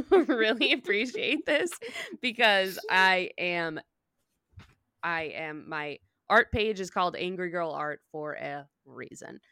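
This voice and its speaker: Low-voiced woman retelling a book. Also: slow pace, clean tone, no echo, clean studio sound. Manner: relaxed retelling, acts out quotes. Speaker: podcast co-host. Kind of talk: casual book podcast chat.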